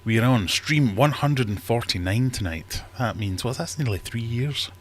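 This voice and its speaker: A man's voice: medium pitch, expressive, moderate pace, noisy background. A man hosting a casual livestream from his home fish room, chatting in a rambling, self-deprecating way. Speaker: livestream host.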